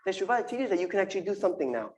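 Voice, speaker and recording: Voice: mid-range voice, big pitch swings, very fast, darkish tone, slight background noise, low-quality recording. A speaker giving an earnest, informal sermon talk to a congregation, repeating phrases and using Hebrew terms. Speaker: congregation member giving a drash.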